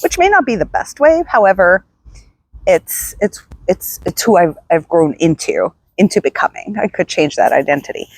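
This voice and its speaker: A middle-aged woman speaks straight to her viewers, telling her own story in a reflective, halting way and often circling back to restart a thought. Her voice sits a little low and sounds husky and breathy. The sound is dry and close, with no room echo. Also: sing-song, a little mellow. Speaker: self-help vlogger. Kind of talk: personal storytelling to camera.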